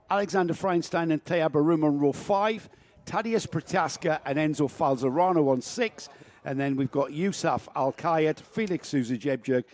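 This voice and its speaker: A northern English man commentating live karting, his voice sitting a touch high for a man. He talks in a chatty, rambling way and reads out grids in quick runs of names. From northern England. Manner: chatty, rambling, calls names in rapid lists. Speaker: race commentator.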